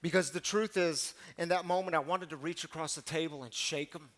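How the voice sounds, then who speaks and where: Animated storytelling pastor, higher voice. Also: male voice, brisk. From Missouri. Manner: conversational, animated storytelling, with asides to the congregation. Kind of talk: storytelling sermon.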